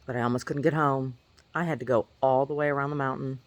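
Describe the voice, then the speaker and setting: A woman vlogger talking in a rambling, chatty way, often asking "right?" and at times jumping up into a high squeaky pitch. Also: fairly even intonation, quick pace, dry recording. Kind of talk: casual rambling monologue.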